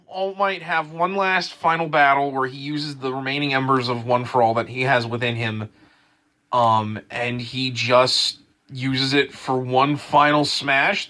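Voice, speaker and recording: Speaking in a mid-range voice, a man wanders through a casual review of an anime episode. Excitement, restarts and plenty of fillers fill his delivery.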